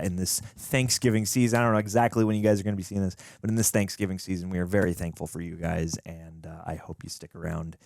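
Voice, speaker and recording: A man's voice: low voice, gravelly, darkish tone, no echo, studio quality. A man hosting a casual movie reaction chat, enthusiastic and rambling, with frequent restarts. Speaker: host.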